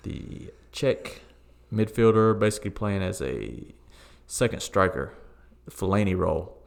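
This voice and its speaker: Deep gravelly-voiced man talking football. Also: measured pace. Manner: relaxed, opinionated, frequent fillers. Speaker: co-host of a football podcast. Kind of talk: casual sports chat.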